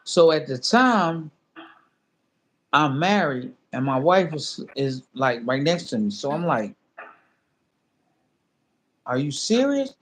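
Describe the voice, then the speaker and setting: A man's voice: on the high side, a little slow. A man in his fifties tells a story in a casual interview, his voice sitting a little above the usual male range. He rambles loosely with plenty of fillers, then jumps into acting out both sides of a phone conversation. He speaks as a former boxer recounting his career. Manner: animated storyteller who acts out both sides of a phone call; loose, repetitive phrasing with many fillers.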